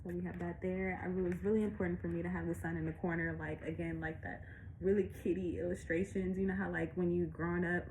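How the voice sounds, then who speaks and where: Lowish woman's voice, out of breath, casual chatty walkthrough of her artwork, faint room noise. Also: little pitch movement, quick pace, darkish tone, poor audio. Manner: chatty, laughs often, casual slang and cursing. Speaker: illustrator showing her picture book.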